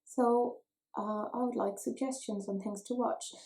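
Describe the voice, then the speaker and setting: A woman's voice: on the high side, fairly even intonation, measured pace, warm tone, poor audio. Woman, beauty vlogger, playful self-mocking chatter, casual makeup tutorial at home. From Ireland.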